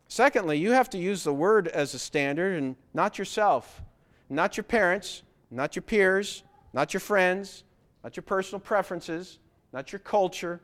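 Man, preacher, fairly high voice, earnest, exhorting sermon delivery. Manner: earnest, exhorting, asks pointed questions.

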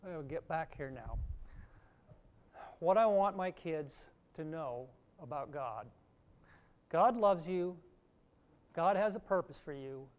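A man's voice: on the high side, expressive, takes it slowly, pauses often, a little mellow. A middle-aged man giving a sermon, teaching earnestly and reading scripture aloud. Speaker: preacher.

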